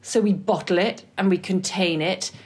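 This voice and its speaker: A woman's voice: on the low side, normal speed, a little mellow. A middle-aged woman co-hosting a podcast, frank and conversational, swearing casually. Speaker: podcast co-host. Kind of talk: podcast chat.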